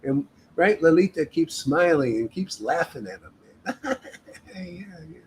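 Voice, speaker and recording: A man's voice: a little high, animated, a little slow, a little mellow, a little hiss or hum, poor audio. A man leading a devotional meetup, preaching in an emphatic, casual way and often tagging his sentences with "man". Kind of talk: informal devotional sermon.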